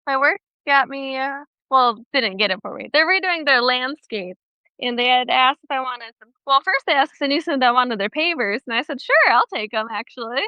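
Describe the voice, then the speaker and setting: Young woman rambling about her week, high voice, muffled dry call audio. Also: lively intonation, a little fast, smooth, dry recording. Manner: rambling, self-correcting storyteller. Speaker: podcast co-host. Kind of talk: casual chat. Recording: dry, slightly dull remote audio.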